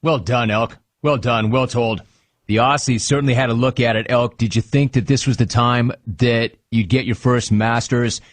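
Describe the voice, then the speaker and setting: A man hosting a radio interview, asking brisk, friendly questions. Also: medium pitch, steady tone, dry recording. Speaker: radio host.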